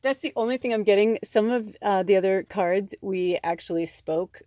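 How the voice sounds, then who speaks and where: A woman giving a casual spiritual card reading, chatty and rambling with frequent ums, warm and encouraging toward her viewers. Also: mid-range voice, normal speed, dry recording, studio quality.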